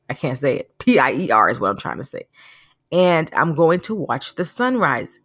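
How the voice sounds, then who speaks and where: A podcast host with a fairly low, fairly bright voice and big pitch swings speaks at normal speed in a clean, dry studio recording. She delivers an earnest, preachy motivational monologue, telling stories with animation.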